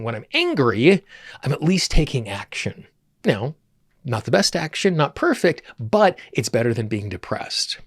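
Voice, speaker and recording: A middle-aged man teaches in an earnest, explanatory way, leaning on his key words. His voice sits at an ordinary pitch but swings widely as he makes his points. The sound is close and dry, with no room echo. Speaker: tapping coach. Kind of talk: teaching monologue.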